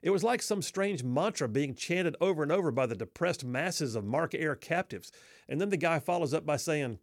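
A man's voice: on the high side, animated, moderate pace, no room sound, clean studio sound. Wry man telling a folksy story. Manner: wry, self-deprecating, folksy. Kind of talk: humorous personal storytelling.

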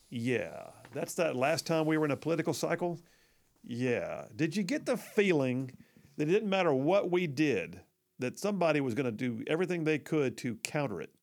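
A man's voice: on the high side, gravelly. A man hosting a conservative talk radio show, folksy and emphatic, with sarcastic asides.

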